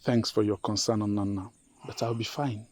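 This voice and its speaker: A man's voice: lowish voice, flat delivery, moderate pace, a little mellow, lightly acted. An actor with a Nigerian accent playing a worried, guarded king who speaks in curt commands. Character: worried middle-aged male king, guarded.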